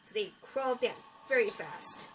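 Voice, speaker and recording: A woman's voice: medium pitch, expressive, normal speed, slight background noise, rough recording. A woman improvising a story about caterpillars, rambling along with restarts and "he's like" quotes.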